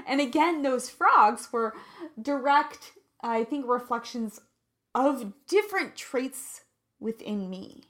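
A woman's voice: high voice, animated, a bit bright. A woman in her thirties talking candidly and emotionally to her viewers in a personal vlog. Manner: emotional, candid, drawn-out and reflective. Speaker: vlogger.

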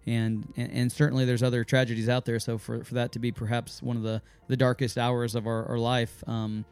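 A man's voice: medium pitch, flat delivery, a little mellow, smooth, soft background music. Earnest man podcast co-host, reflective. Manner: earnest, reflective, halting with fillers when serious. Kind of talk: casual family podcast chat.

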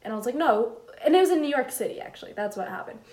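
Teen girl co-host, slightly high voice, rambling casual chat, roomy echo. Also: expressive, rapid-fire, a little mellow. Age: teens. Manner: rambling, many "like" fillers. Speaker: podcast co-host. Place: room.

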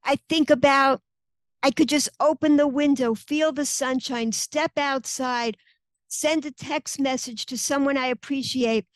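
Woman guest author, high voice, dry close sound, earnest, acts out little inner voices. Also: fairly even intonation, unhurried, dry recording. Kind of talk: conversational interview.

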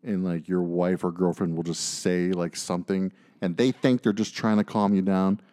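A man in his thirties, a podcast co-host, telling a story in casual chat, ranting and swearing with animated energy. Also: low voice, moderate pace.

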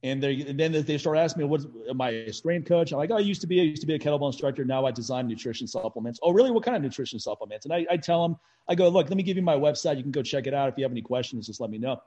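A man talking in a casual chat, telling animated stories, laughing often and swearing freely. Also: a little high, very fast, hardly any pauses, highs cut off.

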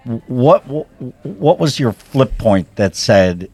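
A man's voice: mid-range voice, very animated, slow pace, a little mellow, slightly rough, no room sound. A man co-hosting a podcast interview, affirming his guest and drawing her out with questions. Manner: affirming, frequent encouraging interjections. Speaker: podcast co-host. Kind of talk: conversational interview.

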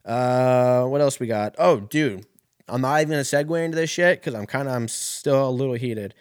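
A man's voice: medium pitch, normal speed, clear, resonant tone. A man delivering a heated, rambling comedic rant full of swearing as a solo podcast host.

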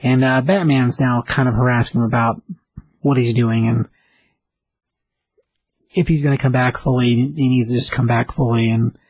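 A man's voice: medium pitch, fairly even intonation, normal speed, long pauses, darkish tone, slightly rough, rough recording. A man casually retelling a comic book story as a recap host, loose and chatty. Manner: loose and chatty, with many fillers and restarts.

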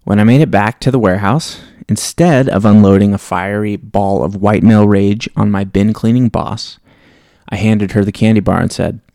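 A man's voice: on the low side, moderate pace, vocal fry, dark tone, no echo, clean studio sound. A man hosting a podcast, reading a personal story in a reflective, wry way. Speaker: podcast host. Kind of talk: reading a personal story aloud, then casual sign-off.

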